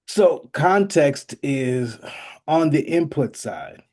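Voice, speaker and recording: A man hosting a podcast in casual chat, telling stories in an animated way and joking dramatically. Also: a little high, slow. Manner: animated storyteller, jokes dramatically. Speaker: podcast host.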